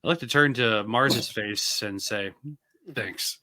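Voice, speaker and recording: Male player, bright tense tone, hesitant and chuckling, casual game chat. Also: lowish voice, unhurried, no room sound. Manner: hesitant, chuckling, asks questions.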